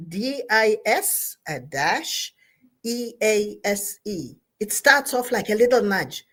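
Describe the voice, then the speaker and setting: A woman's voice: medium pitch, sing-song, takes it slowly, a bit bright. A woman, a therapist giving an emphatic motivational talk on mental health. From Zambia. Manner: emphatic, repeats and spells out key words. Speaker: therapist speaking at an online gathering.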